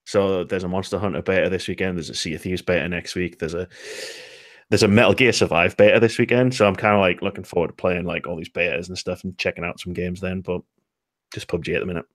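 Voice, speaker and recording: A man's voice: deep voice, steady tone, fast. A man co-hosting a casual gaming podcast, easygoing and self-deprecating. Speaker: podcast co-host and streamer.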